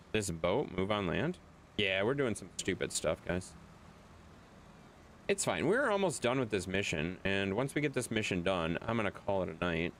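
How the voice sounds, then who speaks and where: A man's voice: lowish voice, slight background noise. A man streaming a video game, chatting casually with viewers, reading their chat aloud and laughing often.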